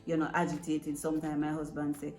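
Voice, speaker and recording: A woman's voice: low-pitched, monotone, fast talker, a little mellow. A woman giving earnest, direct advice to parents, often checking in with "right?". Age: adult parent. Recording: echoey room with faint music.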